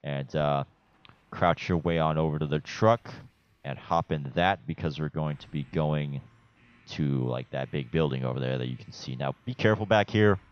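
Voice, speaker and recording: A man's voice: rumbling low, normal speed, clear, resonant tone, dull audio. A young man giving a casual gameplay walkthrough, laid-back and chatty, swearing casually as he explains each step. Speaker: gameplay guide narrator.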